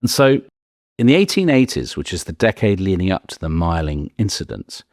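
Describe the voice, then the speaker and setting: Deep-voiced man telling history. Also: a little fast, no echo, clean studio sound. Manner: lively, animated storytelling. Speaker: podcast co-host. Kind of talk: conversational history storytelling.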